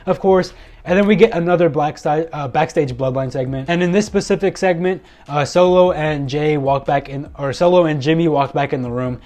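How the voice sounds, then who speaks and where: A man's voice: fairly high pitch, a little mellow. A man giving a loose, rambling solo recap of a wrestling episode from his notes, with many fillers and self-corrections. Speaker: wrestling show reviewer.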